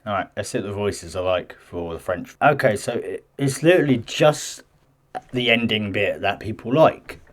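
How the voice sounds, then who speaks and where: A man's voice: on the low side, normal speed. A man hosting a gaming news vlog, reading an article aloud with chatty, defensive asides and frequent stumbles. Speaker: gaming news channel host. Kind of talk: casual commentary mixed with reading news aloud.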